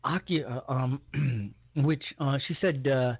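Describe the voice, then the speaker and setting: Male host from Puerto Rico, mid-pitched, rambling sarcastic monologue, dry phone-thin sound. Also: slow, breathy edge, no room sound, narrow, tinny audio. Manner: rambling, sarcastic, many fillers. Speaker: show host. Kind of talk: opinion talk show monologue.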